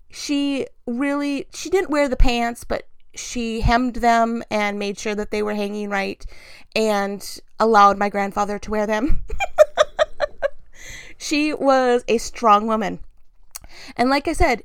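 A woman telling family stories in a relaxed, casual way, acting out the voices of the people she quotes and laughing often. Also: fairly high pitch, no room sound. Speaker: storyteller sharing family memories. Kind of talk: casual personal storytelling.

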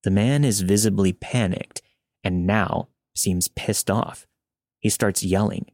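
A man narrating a listener's true scary story in a calm, measured reading. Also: fairly low pitch, no echo, studio quality. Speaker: podcast narrator.

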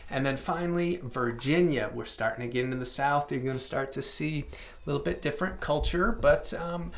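Young man, podcast host, gravelly voice, casual chatty delivery, filler-heavy, mid pitch. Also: fairly bright tone. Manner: chatty, filler-heavy, with self-aware plugs and asides. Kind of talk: casual travel podcast talk.

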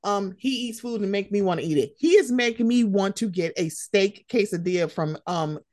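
A young woman hosting a casual pop-culture chat, animated and slangy, swearing freely. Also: medium pitch, normal speed, dry recording, studio quality. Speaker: podcast host.

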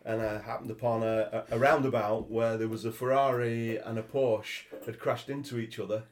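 An older man, talking in a measured way with many repeats in casual chat. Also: medium pitch, fairly even intonation, darkish tone.

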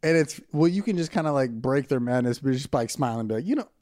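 A man's voice: medium pitch, lively intonation, quick pace, a little mellow, no room sound, clean studio sound. A man rambling through jokey stories in casual crude podcast banter. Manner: joking, rambling storyteller.

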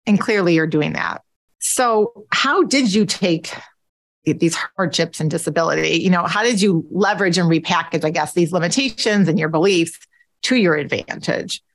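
A woman co-hosting a podcast, asking her guest measured, reflective questions. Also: lowish voice. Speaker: podcast co-host. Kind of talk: interview questions.

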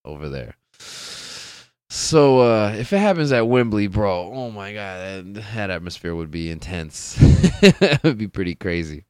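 A man hosting a solo sports podcast, talking casually and excitedly, swearing freely and laughing often. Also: on the low side, measured pace, smooth, dry recording, studio quality. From California. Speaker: podcast host.

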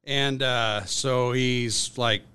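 A man as a podcast guest, telling a workplace story in a casual, animated way with lots of fillers. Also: mid-range voice, very slow, clean tone. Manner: animated storyteller, acts out quotes, many fillers.

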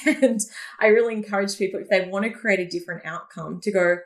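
Energetic woman with a Queensland accent. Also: mid-range voice, a little fast. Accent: Queensland Australian. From Australia. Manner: energetic storyteller who laughs often. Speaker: podcast guest, business coach. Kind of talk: casual interview chat.

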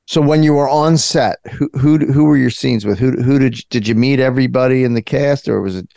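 A man's voice: mid-range voice, a little fast, creaky, warm tone, no room sound. A man hosting a podcast interview, asking rambling, overlapping questions. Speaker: podcast host. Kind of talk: casual interview chat.

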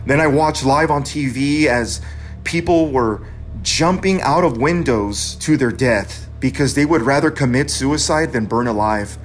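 A man's voice: medium pitch, a little slow, faint music behind. A man in his forties from California, earnestly telling a personal story in a plain, conversational way.

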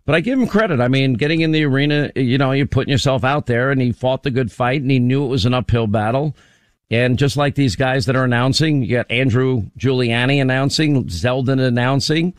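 A man's voice: mid-range voice, dry recording. Upbeat male talk radio host. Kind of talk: casual talk radio banter.

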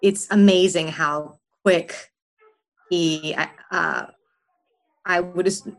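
A woman's voice: lowish voice, fairly even intonation, slow pace, low-quality recording. A woman, a guest, chatting casually about parenting in a reflective, thoughtful way. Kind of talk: casual chat.

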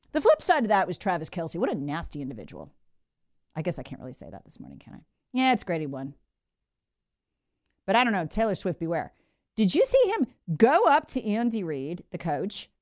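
A talk show host with a lowish voice delivers an emphatic, opinionated monologue and reads out listener comments. She sounds animated and conversational, and the recording is dry with clean studio sound.

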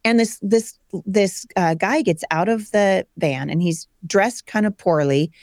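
A woman in her forties, a guest telling personal stories with lively energy and acted-out voices. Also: medium pitch, a little slow, no room sound, studio quality. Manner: animated storyteller acting out quoted voices. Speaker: guest, homeschooling mother. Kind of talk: personal storytelling in conversation.

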